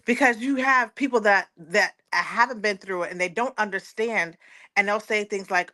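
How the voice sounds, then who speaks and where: A woman's voice: mid-range voice, animated, normal speed, bright, forceful tone. A woman, a guest giving an earnest personal testimony and often quoting others aloud. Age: 40s. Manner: earnest, repeats words, quotes others aloud.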